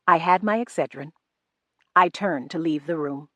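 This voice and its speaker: A woman reading a novel aloud in first person, measured and restrained. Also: low-pitched, pushed and bright, no room sound. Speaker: audiobook narrator. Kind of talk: first-person audiobook narration.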